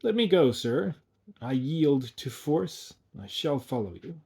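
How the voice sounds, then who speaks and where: A man voicing a tiny, ragged, wizened old fellow with a piercing high-pitched voice and a curt, grandiloquent manner. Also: wildly swooping pitch, normal speed, slightly rough. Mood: dignified.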